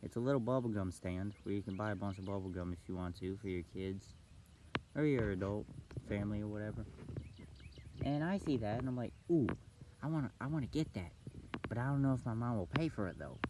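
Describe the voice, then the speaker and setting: A young man vlogging, telling a story casually and acting out the other people's voices with big jumps in pitch. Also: expressive, a little fast, background noise. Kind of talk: storytelling vlog.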